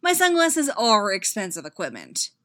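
A woman voicing a cocky, fast-talking male genius inventor who speaks through a small robot, flippant and teasing. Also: mid-range voice, wildly swooping pitch, a bit bright, no room sound, clean studio sound.

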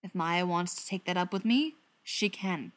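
A woman reading an audiobook, voicing a male gang leader who talks in a sharp, firm, impatient way. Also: on the low side, moderate pace, close to an everyday voice.

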